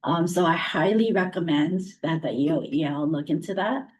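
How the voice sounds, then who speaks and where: A hoarse woman who directs a preschool speaks up at a public meeting in a somewhat low voice. She talks in an earnest, chatty way. She sounds set back from the microphone. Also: normal speed, a little mellow, lo-fi sound. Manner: earnest, chatty, laughs lightly. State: losing her voice. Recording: distant mic.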